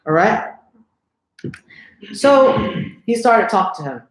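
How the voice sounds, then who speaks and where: A man's voice: high-pitched, lively intonation, measured pace, pauses often, roomy sound, rough recording. A man telling a religious story to a live group, conversational and often checking in with his listeners. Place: lecture room.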